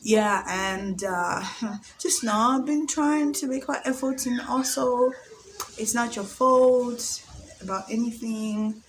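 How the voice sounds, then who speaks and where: A woman's voice: a little high, slow, slight background noise. A young woman from Zambia talking in a casual confessional vlog, chatty and emotional, often laughing and filling her talk with "like". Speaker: vlogger.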